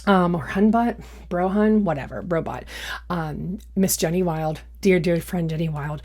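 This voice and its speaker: A woman's voice: on the low side, a little slow, darkish tone. Sarcastic young woman commentator. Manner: sarcastic, mocking. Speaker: YouTube commentator. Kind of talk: casual reaction commentary.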